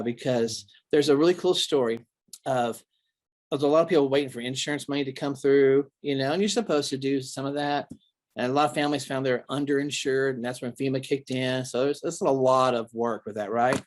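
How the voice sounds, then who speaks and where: A man with an everyday mid-range voice tells his stories as a pastor, earnest and animated. He often stops and restarts mid-sentence while he recalls details. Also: medium pitch. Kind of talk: recalled storytelling interview.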